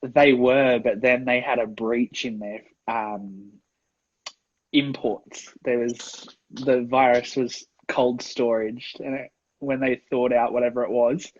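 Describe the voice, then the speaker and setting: A podcast co-host chatting casually, telling lively stories with lots of laughter. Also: mid-range voice, slow pace, muffled recording, a little hiss or hum. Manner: lively storyteller, laughs a lot. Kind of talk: casual chat.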